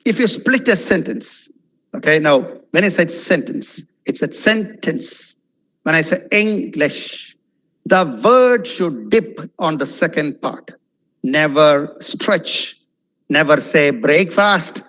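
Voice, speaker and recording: Animated man drilling English pronunciation. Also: a little high, unhurried, poor audio. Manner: animated, repeats words for drill, checks in with "okay?". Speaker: webinar speaker on spoken English. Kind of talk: online lecture. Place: webinar, video call.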